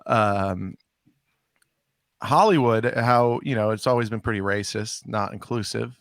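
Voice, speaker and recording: A man co-hosting a comedy podcast, chatting in a halting, deadpan way with many fillers. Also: lowish voice, dry recording, clean studio sound. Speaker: podcast co-host. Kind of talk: casual chat. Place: Texas.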